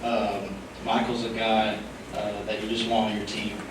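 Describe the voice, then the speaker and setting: A young man speaks hesitantly in a flat, even voice. He sounds distant in a large echoing hall. Loud noise runs underneath. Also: fairly low pitch, normal speed.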